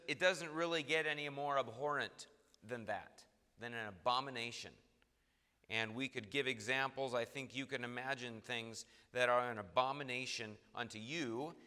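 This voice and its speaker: Bright-voiced man preaching in echoing hall. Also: medium pitch, smooth. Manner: earnest, emphatic, reads scripture slowly. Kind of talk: sermon. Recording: reverberant hall.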